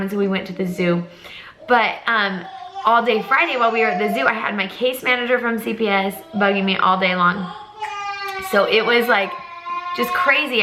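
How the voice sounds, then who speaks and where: Young woman, bright voice, casual vlog chat, rambling, phone camera, faint background noise. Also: medium pitch, low-quality recording. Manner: chatty, rambling, self-deprecating. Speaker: vlogger and foster mom. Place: home, indoors.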